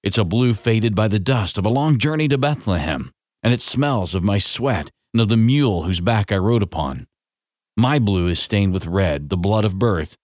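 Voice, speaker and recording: A man voicing Mary, a soft pleading teen girl. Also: lowish voice, expressive, normal speed, dry recording, studio quality, natural voice. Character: frightened lonely teenage girl Mary, pleading.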